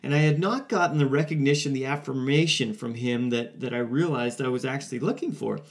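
A man's voice: mid-range voice, a little fast. A man in his forties hosting a podcast, telling a personal story in an earnest, conversational way with frequent fillers and restarts. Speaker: podcast host. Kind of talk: casual solo podcast monologue.

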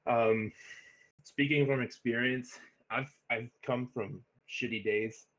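A man's voice: mid-range voice, fairly even intonation, takes it slowly, fairly bright tone, poor audio. A man talking earnestly as a streamer guest on a casual podcast, often restarting his sentences.

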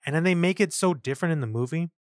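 Excited man gushing over a film. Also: a little high, racing, no echo, clean studio sound. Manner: excited, profane, acts out quotes from scenes. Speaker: podcast co-host. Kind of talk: casual film review chat.

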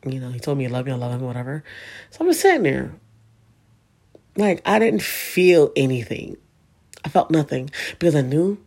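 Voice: medium pitch, big pitch swings, moderate pace, pauses often, a little mellow. A speaker telling a painful personal story in a casual, candid way, swearing often and speaking with emotion.

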